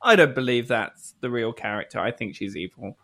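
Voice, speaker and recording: An American man co-hosting a casual podcast chat, animated and joking. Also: medium pitch, a little fast. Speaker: podcast co-host.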